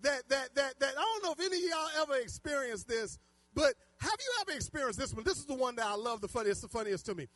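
A man preaching a sermon, telling stories animatedly and swinging from loud outbursts to hushed asides. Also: very high voice, lively intonation, fast talker, dry recording. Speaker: pastor. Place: church.

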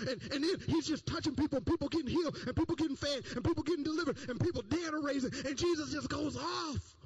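A man preaching a sermon, telling the story with lots of repetition and bursts of loud emphasis. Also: extremely high pitch, quick pace, few pauses. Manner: animated storytelling, repeating phrases, rising to shouts. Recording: dull lo-fi sound.

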